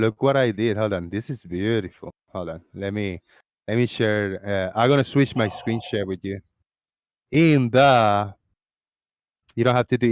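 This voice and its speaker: A man with a Floridian accent hosting a live call-in discussion, talking in an excitable, rambling way with many restarts. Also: fairly low pitch, no room sound, studio quality. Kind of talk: casual live-stream chat.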